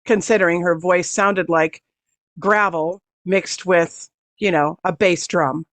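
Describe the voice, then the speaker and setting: A woman's voice: fairly low pitch, fairly even intonation, no echo. A woman author improvising a fantasy story aloud, voicing the characters' lines as she narrates. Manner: unhurried telling, acting out dialogue within the story. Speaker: author taking a storytelling turn.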